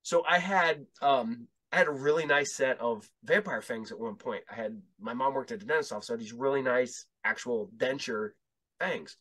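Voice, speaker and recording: A man's voice: medium pitch, moderate pace, a bit bright. A male podcast host telling rambling, profane stories in casual chat, acting out the dialogue as he goes.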